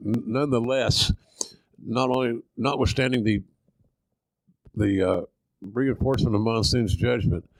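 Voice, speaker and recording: A man's voice: medium pitch, fairly even intonation, a little slow, long pauses, poor audio. An older man with a Southern Oklahoma accent, hosting a podcast and telling stories in a folksy, salty, self-deprecating way. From Oklahoma, USA. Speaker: podcast host. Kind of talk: casual storytelling.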